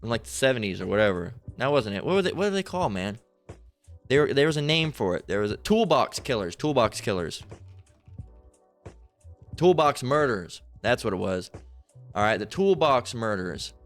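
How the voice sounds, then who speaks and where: A man's voice: medium pitch, sing-song, normal speed, long pauses, soft background music. A man preaching in an online sermon video in a rambling, profane way, full of repeated fillers and restarts.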